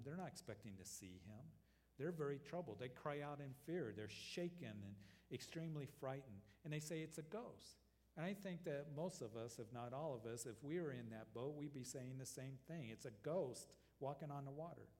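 Man preaching in a reverberant hall. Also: mid-range voice. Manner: earnest expository preaching with lively quoted asides. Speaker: pastor. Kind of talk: sermon. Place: church sanctuary.

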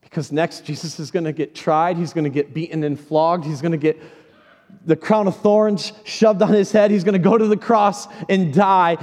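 Man, pastor, high voice, dramatic storytelling sermon, long church reverb. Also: moderate pace, darkish tone. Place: church sanctuary. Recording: large hall reverb.

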